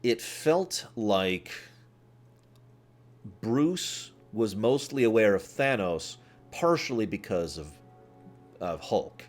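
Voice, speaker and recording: A man streaming, chatting casually with his viewers in a rambling, animated way, often laughing and acting out scenes. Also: on the low side, slow pace, pauses often, soft background music. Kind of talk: casual chat with live chat.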